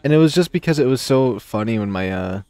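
A man commenting casually on his game run, rambling and excitable, recovering from a few sick days. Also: medium pitch, quick pace, no echo, soft background music. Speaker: gameplay commentator. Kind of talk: casual let's-play commentary.

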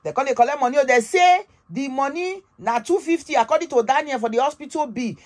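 A woman with a Nigerian Pidgin English accent telling gossip in an animated, emphatic way, often tagging her sentences with "oh". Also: high-pitched, fast. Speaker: gossip vlogger. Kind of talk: casual gossip storytelling.

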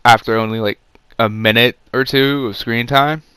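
Smooth-voiced sarcastic man reviewing a movie. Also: medium pitch, fairly even intonation, normal speed, a bit bright, dry recording. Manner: sarcastic, rambling, many fillers. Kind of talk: casual off-the-cuff review.

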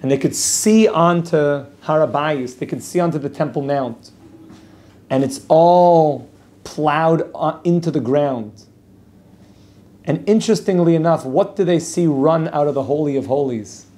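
Animated man telling a story in a lesson. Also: fairly high pitch, measured pace. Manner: animated storyteller, repeats phrases for emphasis. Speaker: rabbi teaching a Torah class. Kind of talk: spoken Torah lesson with storytelling. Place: outdoors at a lookout over a city.

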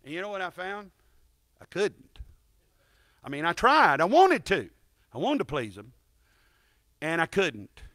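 Bright-voiced joking church guitarist. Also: male voice, high voice, very animated, a little slow, pauses often, no room sound, clean studio sound. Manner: joking, folksy storyteller; call-and-response with the crowd. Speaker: guest guitarist at a church service. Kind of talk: testimony and leading a congregation. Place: church sanctuary, in front of a congregation. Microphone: microphone on a stand.

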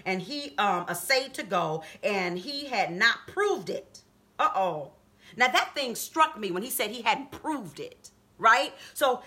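A woman preaching a live online sermon, fervent, calling out to her listeners and building to shouts. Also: fairly high pitch. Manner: fervent, calls out "come on now", builds to shouting.

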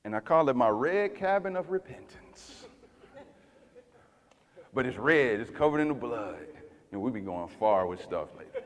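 A man preaching a sermon as pastor, swinging from loud fiery passages to hushed tender ones. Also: mid-range voice, expressive, normal speed, in a large hall.

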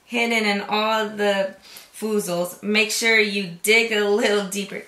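A woman's voice: medium pitch, fairly even intonation, a little slow, sharp tone, reverberant. A woman chatting casually as she unboxes a gift box, gushing and gasping, sometimes dropping to a whisper. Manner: gushing, gasps often, drops to whispers. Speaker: vlogger unboxing a swap box.

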